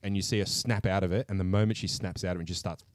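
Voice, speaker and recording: A man co-hosting a podcast, retelling a film plot in an animated, sweary way. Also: deep voice, racing, no room sound. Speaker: podcast co-host. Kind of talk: casual chat.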